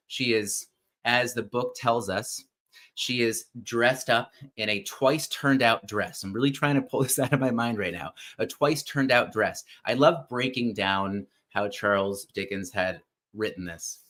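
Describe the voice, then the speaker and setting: A man hosting a show, casually retelling a classic story in an animated way and often checking in with listeners. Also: medium pitch, measured pace. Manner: thinks aloud with fillers and restarts. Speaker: podcast host.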